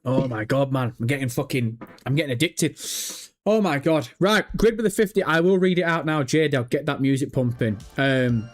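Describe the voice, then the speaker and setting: A man with a British accent hosting a live stream, chatting casually, excitable and swearing freely as he banters with his audience. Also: mid-range voice, moderate pace, faint music behind. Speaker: livestream host. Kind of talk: casual livestream chat.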